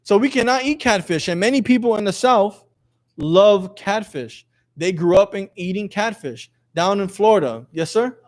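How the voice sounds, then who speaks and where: A man's voice: high-pitched, animated, moderate pace. A man teaching a lesson to a class, quizzing his students in a jokey way and reading passages aloud. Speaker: religious teacher.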